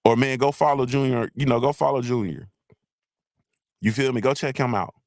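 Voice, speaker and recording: A man hosting a casual livestream rant, blunt and heavy with profanity. His voice sits at an ordinary pitch and is recorded dry and close, with no room sound. He keeps asking his listeners whether they follow him. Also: normal speed, a little mellow, dry recording. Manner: blunt, profane, repeats "you feel me". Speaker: livestream host.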